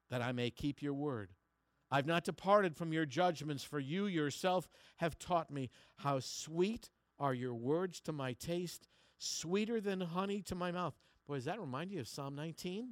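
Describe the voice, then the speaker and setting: A man preaching a sermon in a dry, close sound, his voice sitting a little high. He drops to soft, slow stretches and then climbs to loud, emphatic peaks, often doubling words as he gathers his thoughts. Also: no room sound. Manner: repeats words while finding his phrasing. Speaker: pastor.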